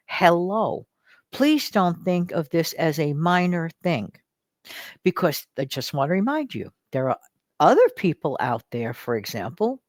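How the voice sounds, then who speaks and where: A woman's voice: lowish voice, no room sound. An older woman hosting a casual advice vlog, talking in a chatty, encouraging way and now and then acting out whiny voices. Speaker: host.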